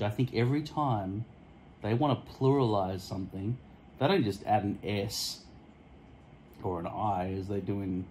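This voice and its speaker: Low-voiced man on a profane rambling rant. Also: darkish tone, slight background noise, low-quality recording. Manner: profane, tangent-hopping, mock-offensive. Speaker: vlogger. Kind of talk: rambling solo rant to camera. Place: indoors at home, in front of a mirror. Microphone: phone camera stuck to a mirror.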